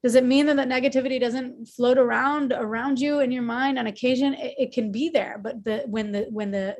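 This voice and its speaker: A woman hosting a group video call, upbeat and affirming, repeating words as she thinks. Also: on the high side. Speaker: call host.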